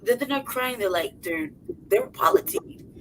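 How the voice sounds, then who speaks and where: A woman's voice: fairly high pitch, moderate pace, a little hiss or hum, low-quality recording. A woman telling a story in casual, profane chat on a podcast, laughing often and acting out what people said. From city-raised. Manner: profane, animated, laughs often, acts out voices. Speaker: podcast co-host.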